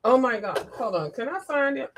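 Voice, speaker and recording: A woman hosting a casual livestream, animated, laughing often and breaking into sung and mimicked lines. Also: high-pitched, normal speed. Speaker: livestream host. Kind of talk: casual live chat.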